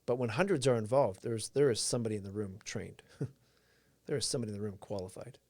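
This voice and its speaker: A man's voice: lowish voice, quick pace, a little mellow, no echo. A man whose first language is Portuguese, hosting a live stream and giving an earnest, reflective motivational talk while answering viewers' comments.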